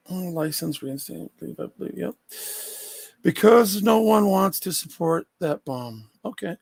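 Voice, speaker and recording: A man's voice: high-pitched, animated, normal speed, creaky, darkish tone, no room sound. A man livestreaming and talking straight back to his chat, blunt and confrontational, swearing freely.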